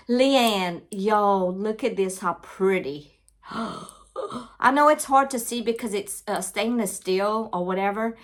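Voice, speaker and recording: Woman host, slow easy delivery, chatty and gushing, casual vlog. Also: medium pitch, a bit bright. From Louisiana, US. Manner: chatty, gushing, talks straight to viewers with lots of "y'all". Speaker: craft and book channel host.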